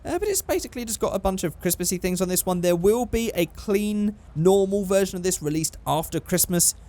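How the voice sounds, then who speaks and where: A young man talks through a video game in a chatty, upbeat way, reacting as he goes. His voice sits fairly high for a man. He sounds casual and unscripted. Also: lively intonation, fairly quick, warm tone. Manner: chatty and upbeat, thinking aloud. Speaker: gaming YouTuber. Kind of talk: casual gameplay commentary.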